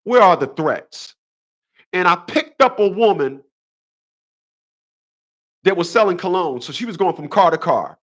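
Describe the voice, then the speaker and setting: Fifty-something guy ranting on his own live show, emphatic and preachy, says things twice, voice sits a bit high. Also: animated, measured pace, pauses often. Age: 50s. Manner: emphatic and preachy, repeats phrases. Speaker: host. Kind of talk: casual livestream monologue.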